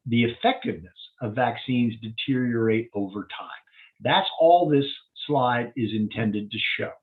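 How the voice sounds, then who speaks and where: A male physician walks a community audience through slides, explaining the data plainly one step at a time. His delivery is lively, with pitch swinging up and down for emphasis. The sound is thin and tinny, like a phone line on a video call. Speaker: physician giving a public health update.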